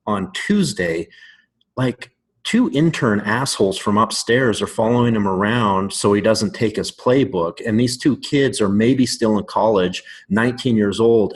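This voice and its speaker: A man's voice: on the low side, husky. A man, a strength coach hosting a podcast, reflecting and explaining in casual conversation.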